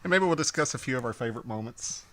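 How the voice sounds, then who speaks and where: A man's voice: mid-range voice, lively intonation, very fast, fairly bright tone, a little hiss or hum. A man co-hosting a casual podcast, easygoing and wisecracking. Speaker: podcast co-host. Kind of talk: casual chat.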